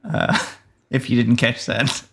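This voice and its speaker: A man with a gravelly, creaky voice talking very slowly on a movie-review podcast. He is dry and matter-of-fact, and he pauses a lot between thoughts. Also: mid-range voice, fairly bright tone. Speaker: podcast co-host. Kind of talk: casual movie-review chat.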